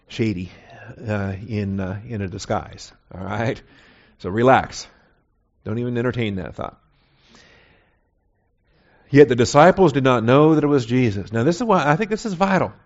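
A man's voice: fairly low pitch, normal speed, long pauses. A man pastor teaching through a Bible passage in a conversational sermon style, asking rhetorical questions and checking in with "okay?". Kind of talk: expository sermon. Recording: slightly muffled, dull recording.

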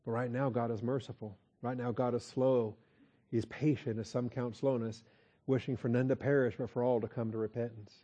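A man preaching a verse-by-verse Bible teaching, conversational, often checking in with his listeners and slowing down to repeat key points. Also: medium pitch, flat delivery, warm tone. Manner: conversational, with frequent "okay?" check-ins and slow emphatic repeats. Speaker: pastor.

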